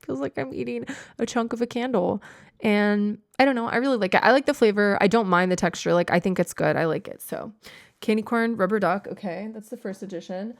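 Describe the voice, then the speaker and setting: Young woman, podcast host, bubbly, gushing, casual chat, mid-pitched voice. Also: a little fast, vocal fry. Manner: bubbly, gushing, heavy use of "like".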